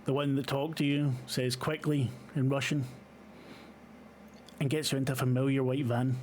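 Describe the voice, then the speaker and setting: A man's voice: mid-range voice, little pitch movement, normal speed, a little mellow, slight background noise. A man running a tabletop horror game as game master, describing scenes with frequent ums and uhs. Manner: hesitant, many fillers.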